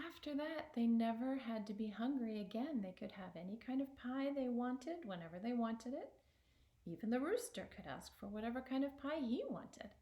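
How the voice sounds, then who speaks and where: A woman telling a folktale by heart, expressive and dropping into whispers for suspense. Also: on the high side. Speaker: storyteller. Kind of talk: oral folktale storytelling. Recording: echoey room.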